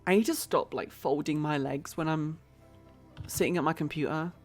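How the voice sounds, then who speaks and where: A British woman with a lowish voice talks through her game on a live stream at a normal speed. Chatty and relaxed, she muses aloud while building and calls out viewers in her chat by name, with soft game music playing quietly underneath.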